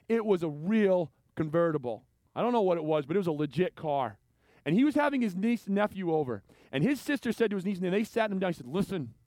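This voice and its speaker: A male pastor delivers a sermon in a high, very lively voice that swings widely in pitch. He tells his stories animatedly and acts out the voices of the people in them. The sound is dry and close. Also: no room sound. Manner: animated storytelling, acting out quoted voices.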